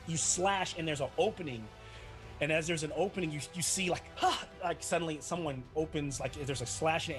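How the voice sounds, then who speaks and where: A man running a tabletop role-playing game as dungeon master, chatty and often laughing, with many restarts. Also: a little high.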